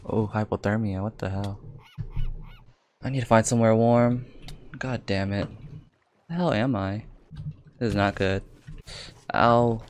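A young man with a lowish voice talks through his game as he plays. He thinks out loud, then breaks into sudden exclamations and curses. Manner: reactive, swears and exclaims often, thinks aloud. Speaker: gaming YouTuber. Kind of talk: live game commentary.

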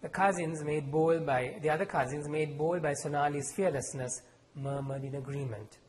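A man from Sri Lanka, reading aloud from his novel in a measured, expressive storytelling manner at a university event. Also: fairly high pitch, echoey room, low-quality recording. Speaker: author. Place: lecture hall at a university event.

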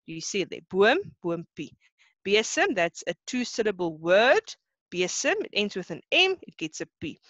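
A woman's voice: medium pitch, sing-song, moderate pace, a bit bright, no echo, lo-fi sound. A South African woman teaching an online class, who explains each rule step by step and keeps checking that students follow. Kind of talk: online lesson.

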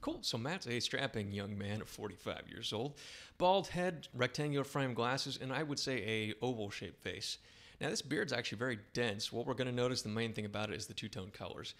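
Man, podcast host; gravelly, bright tone; relaxed descriptive chat, lots of "um". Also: mid-range voice, fairly quick. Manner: easygoing, descriptive, lots of 'um' and 'okay'. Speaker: show host, style consultant. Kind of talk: live-stream podcast chat.

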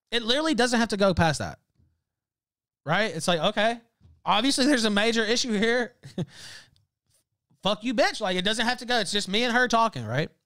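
A man with a high voice rants on a livestream. His pitch leaps around animatedly, and he swears freely and laughs between heated complaints. The sound is close and dry. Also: fairly bright tone, no echo. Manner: profane, heated ranting with frequent laughs. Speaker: livestream host. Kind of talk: ranting casual talk.

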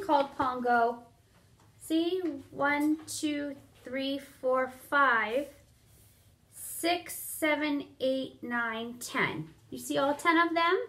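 A woman reading a picture book aloud to children, pausing to count along and ask them questions. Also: high-pitched, a bit bright. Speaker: storyteller for children.

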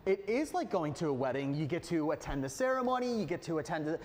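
A man's voice: fairly high pitch, sing-song, fast talker, in a large hall, slight background noise. A man co-hosting a game show and reading out scores, with a playful manner.

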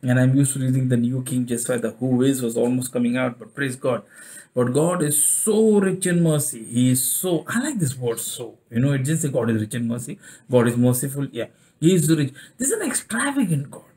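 A man's voice: medium pitch, normal speed, a little mellow. A middle-aged man preaching a sermon, repeating phrases for emphasis and asking the listeners questions.

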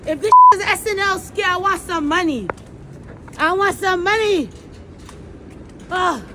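A woman from the United States, a comedian rambling nervously backstage in a loud, shrieky, manic way, screaming at times. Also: very high-pitched, a little slow. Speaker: comedian and performer. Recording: noisy background.

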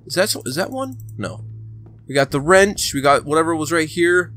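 A man giving casual let's play commentary, excitable and talking to the game character, sometimes breaking into shouts. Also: a little high, moderate pace, soft background music. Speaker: gaming channel host.

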